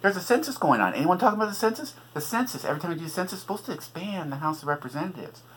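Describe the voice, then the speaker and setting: A man's voice: high-pitched, lively intonation, rapid-fire, fairly bright tone, husky, rough recording. A middle-aged man from California hosting a podcast, delivering an agitated, profane political rant with sarcastic asides. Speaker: podcast host and author. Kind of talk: ranting political monologue.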